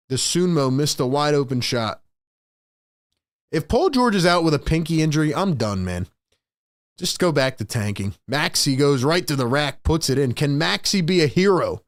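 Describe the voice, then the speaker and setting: Male sports streamer, higher voice, dry close mic, emotional, repeats himself for emphasis. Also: dry recording. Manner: emotional, swings between hyped shouting and frustrated muttering. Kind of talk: live play-by-play reaction stream.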